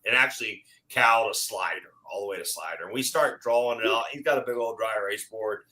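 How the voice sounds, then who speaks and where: Middle-aged man, bright tone, animated storyteller who acts out the dialogue himself. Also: lowish voice, fairly quick, low-quality recording. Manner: animated, acts out quoted exchanges. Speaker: guest. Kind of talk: casual storytelling chat.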